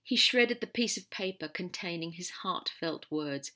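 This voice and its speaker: A lively, bright woman narrator. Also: lowish voice, unhurried. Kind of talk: audiobook narration.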